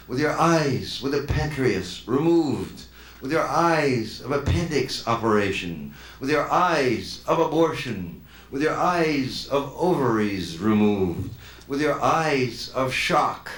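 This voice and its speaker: A man in his sixties, a poet reciting in a slow incantatory way and then talking loosely and reflectively in an interview, on an old videotape transfer. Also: medium pitch, fairly bright tone, reverberant. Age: 60s. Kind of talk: poetry reading and interview answers.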